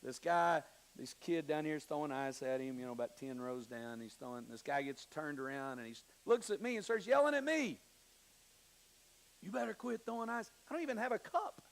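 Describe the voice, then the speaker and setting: A middle-aged male pastor preaching a sermon, shifting between hushed scripture reading and emphatic storytelling with quoted voices. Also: medium pitch, expressive, a little fast, rough recording. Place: church sanctuary.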